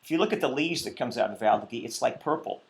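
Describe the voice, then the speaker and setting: A male winemaker talking casually at a wine tasting, relaxed and hesitant, with many pauses and ums. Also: mid-range voice, vocal fry.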